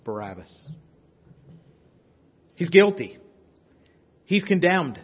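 A man preaching a sermon as pastor, swinging between loud urgency and hushed, intense passages. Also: high-pitched, very animated, slow, husky, long reverb tail, highs cut off.

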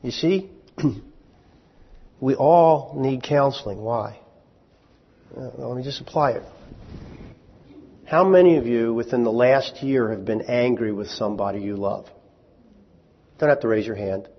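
A man's voice: medium pitch, unhurried, pauses often, husky. A man preaching a sermon to a congregation in a conversational, wry way, full of rhetorical questions and asides. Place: church hall with congregation. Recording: echoey hall, dull lo-fi sound.

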